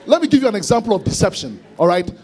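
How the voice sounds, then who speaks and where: A man preaching an expository sermon to students, animated, acting out voices with sudden shouted bursts. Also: sits high, very fast, slight background noise. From Ghana. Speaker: conference speaker preaching to students.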